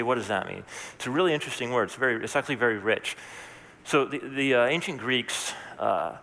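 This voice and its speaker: A man's voice: mid-range voice, fairly bright tone, big-room sound. A man preaching a sermon as pastor, talking in a conversational, earnest way with asides and restarts.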